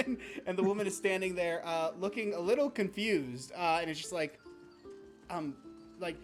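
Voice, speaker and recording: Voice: medium pitch, normal speed, soft background music. A game master narrating a tabletop game scene, rambling with fillers and frequent giggles.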